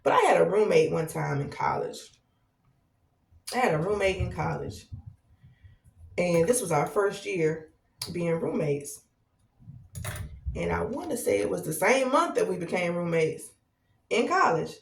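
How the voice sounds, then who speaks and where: Woman, 30s, podcast host, casual storytelling, animated, low gravelly voice, roomy echo. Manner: animated, conversational, drawn-out repetitions. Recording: roomy echo, distant from mic.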